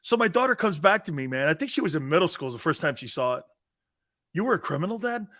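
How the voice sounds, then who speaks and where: A middle-aged man hosting a casual sports talk show, loud and jokey, bursting into shouts. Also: on the high side, big pitch swings, fast talker.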